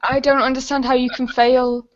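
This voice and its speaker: A woman's voice: high-pitched, flat delivery, moderate pace. A young British woman in a casual chat, ranting bluntly, swearing and laughing often. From Britain. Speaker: guest. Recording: dull lo-fi recording.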